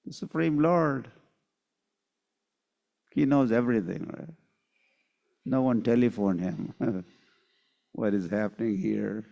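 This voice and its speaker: A man's voice: mid-range voice, gravelly, dark tone, highs cut off. A man giving a scripture lecture as a spiritual teacher, telling a story and acting out the quotes. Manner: slow, unhurried storyteller who acts out quotes. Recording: long hall reverb.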